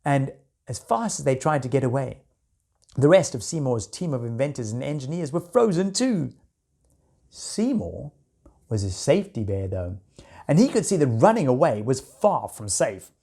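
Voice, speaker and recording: A woman reads a children's story aloud in an expressive, animated way. Her voice is very deep and husky, and it swings widely in pitch. Faint music plays behind her. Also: moderate pace. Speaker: narrator.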